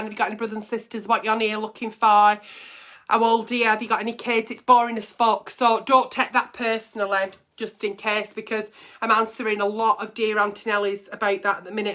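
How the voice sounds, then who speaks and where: A woman's voice: a little high, sharp tone. A middle-aged woman hosting a casual advice chat, reading listener letters and answering them bluntly with plenty of swearing.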